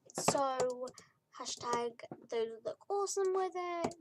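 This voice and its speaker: Young British woman, high voice, chatty let's-play commentary, rambly with lots of fillers. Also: lively intonation, normal speed, background noise. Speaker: gaming YouTuber.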